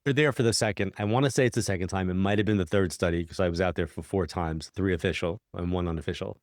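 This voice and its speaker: A man's voice: fast, dry recording, clean studio sound. A middle-aged man, a guest telling long stories in casual conversation and acting out the dialogue. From New York. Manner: animated, acts out quoted dialogue with big pitch jumps. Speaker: guest, psychic medium. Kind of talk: conversational storytelling.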